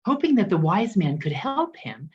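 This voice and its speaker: A woman minister telling a parable in a sermon, expressive with dramatic pauses. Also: medium pitch, lo-fi sound. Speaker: guest minister. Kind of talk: storytelling sermon.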